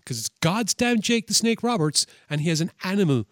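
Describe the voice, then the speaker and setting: A man co-hosting a casual wrestling chat. He talks in an animated way, swears freely and acts out what others said. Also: high-pitched, a little fast, no room sound, clean studio sound. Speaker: podcast co-host.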